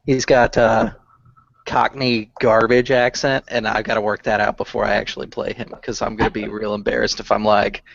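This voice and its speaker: A man's voice: on the low side, level tone, normal speed, vocal fry. A man chatting casually on a panel, easygoing and self-deprecating. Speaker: panel guest. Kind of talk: casual chat. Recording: dry, dull lo-fi call.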